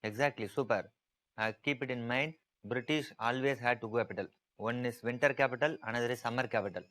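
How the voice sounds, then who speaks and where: A man's voice: medium pitch, fairly quick, a bit bright, rough recording. A male teacher giving an online exam-prep lecture, repeating key points with emphasis and asking students to type their answers.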